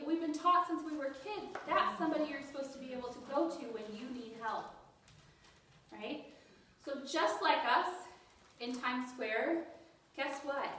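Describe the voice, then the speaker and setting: A woman's voice: high voice, fairly bright tone, a little hiss or hum. A woman leading a dementia care staff training, talking conversationally and asking the room questions. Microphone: distant mic. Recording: very echoey room, distant mic.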